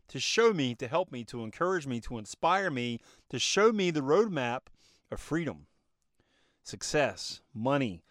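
A man's voice: a little high, dry recording, studio quality. Emphatic man preaching into a phone. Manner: preachy, emphatic, asks himself rhetorical questions. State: coughing, throat choked up. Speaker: podcast host. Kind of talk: motivational monologue. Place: in his car.

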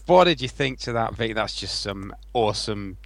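A man's voice: fairly low pitch, moderate pace, vocal fry, no echo. A man co-hosting a podcast, explaining game mechanics in a casual, detailed way. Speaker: podcast co-host. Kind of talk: casual chat.

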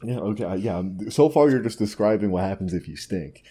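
A man's voice: fairly low pitch, expressive, brisk, dark tone. A man co-hosting a comedy podcast, reading online posts aloud and riffing on them with dry wit. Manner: dry, wry, reads quotes aloud in a mock voice. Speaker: podcast co-host.

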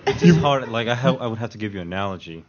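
A man in a convention audience asking the panel questions in a deadpan, mock-serious way. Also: medium pitch, rapid-fire. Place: convention hall audience mic. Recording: dull hall audio with clear room noise.

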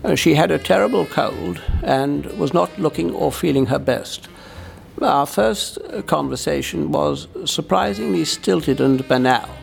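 A man doing an impression of an aristocratic old duke, reciting his memories in a measured, formal way. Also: a little high, vocal fry. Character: aristocratic old British duke recalling a meeting.

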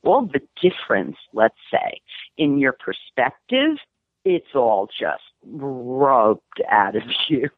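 A woman screenwriter talking candidly in an interview, lively and laughing, her voice jumping high when she gets animated. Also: slow pace, dry recording. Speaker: screenwriter guest. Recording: tinny phone-like line.

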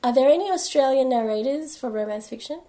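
A woman's voice: sits high, lively intonation, quick pace, warm tone. A woman interviewing a guest, asking short questions and offering brief encouraging replies. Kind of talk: casual interview chat.

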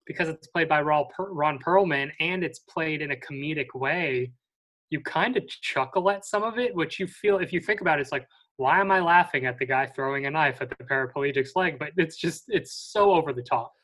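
Podcast co-host, mid-pitched and conversational, casual film talk. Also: a little fast, a bit bright. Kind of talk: casual movie review chat.

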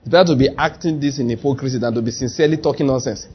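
A man with a Nigerian accent, preaching a lively sermon and acting out quotes. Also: medium pitch, rapid-fire, highs cut off, a little hiss or hum. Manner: lively, chatty preaching with acted-out quotes and laughter. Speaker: pastor.

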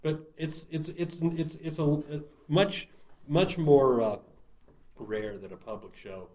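A man's voice: a little high, slow pace, a little mellow. A man who writes and performs murder-mystery shows, telling stories casually in an interview; he laughs often and restarts his sentences.

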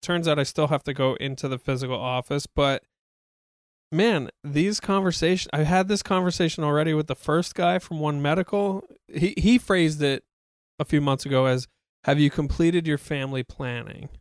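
A man's voice: fairly high pitch, normal speed, no room sound, studio quality. A man co-hosting a casual chat, telling a story in a wry, rambling way.

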